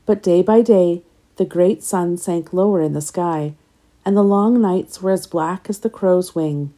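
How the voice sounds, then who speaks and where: Mellow-voiced woman reading a storybook aloud. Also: on the low side, unhurried. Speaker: storybook reader.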